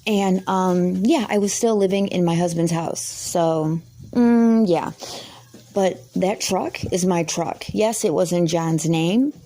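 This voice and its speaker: A woman's voice: fairly low pitch, takes it slowly, dark tone. A woman vlogger telling an angry, rambling story to camera, swearing heavily and sounding indignant.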